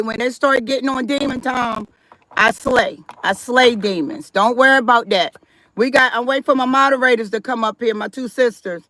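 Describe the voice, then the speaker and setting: A woman with a high, bright voice talks her way through a live stream. She is chatty and reads viewer comments aloud, and she stays firm about respect. The sound is dry and close, with no room echo. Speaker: livestream host.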